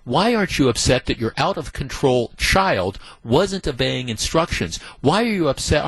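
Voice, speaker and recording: A man's voice: mid-range voice, slightly rough, no room sound, rough recording. A man hosting a talk radio show, delivering indignant, emphatic commentary full of rhetorical questions into a studio microphone.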